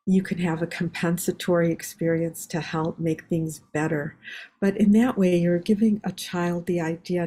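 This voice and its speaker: A woman's voice: lowish voice, warm tone. An older woman, a psychiatry researcher, giving reflective, explanatory answers as an interview guest. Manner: reflective, explanatory, acts out parents' words.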